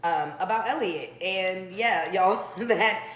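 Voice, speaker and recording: A woman telling a funny story to her viewers in a casual, animated way. She swears freely and talks straight to the audience. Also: medium pitch, slow. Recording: echoey room.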